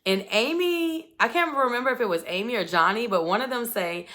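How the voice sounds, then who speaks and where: Woman commentator, bright and forward tone, chatty and expressive recap delivery. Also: fairly high pitch, a little fast. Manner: chatty, expressive storytelling with asides. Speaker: reality show recap commentator. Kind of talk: casual commentary.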